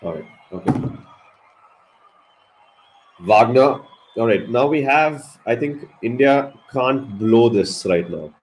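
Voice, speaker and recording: A man giving live ball-by-ball cricket commentary on a watch-along stream, excitable and swearing at big moments. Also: medium pitch, takes it slowly, pauses often, rough recording. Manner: excitable, swears, animated reactions.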